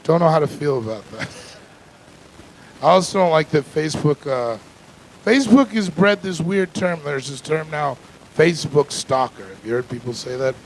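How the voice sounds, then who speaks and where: A high-pitched male comedian works a club stage, telling stories in a dry, deadpan way. His bits build into loud, excitable rants. The live recording has a lot of noise behind his voice. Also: normal speed, low-quality recording. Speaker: stand-up comedian. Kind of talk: stand-up comedy set.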